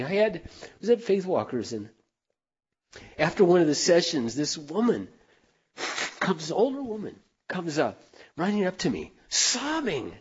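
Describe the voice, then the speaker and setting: High-voiced earnest middle-aged preacher man. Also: huge pitch swings, measured pace, pauses often, breathy edge, muffled recording. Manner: earnest, swings from hushed to loud emphatic. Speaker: speaker. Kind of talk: heartfelt sermon storytelling.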